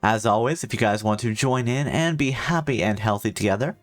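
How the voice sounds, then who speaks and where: A man's voice: on the low side, fairly quick, faint music behind. A man streaming a video game, chatting casually and rambling into joking asides to his chat. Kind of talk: casual let's-play chat.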